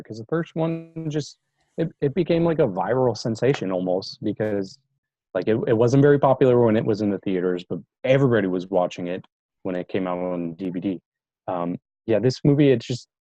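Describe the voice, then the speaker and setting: A man guesting on a movie podcast, chatting in a relaxed, hesitant way with lots of fillers. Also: fairly low pitch, a little fast, no echo. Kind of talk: casual chat. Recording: dull, dry lo-fi sound.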